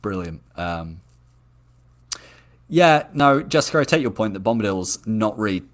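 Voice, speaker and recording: Low-voiced man hosting a chatty live show. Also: very animated, a little slow. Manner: enthusiastic, chatty, frequent ums and restarts. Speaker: show host. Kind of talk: live show discussion reading chat comments.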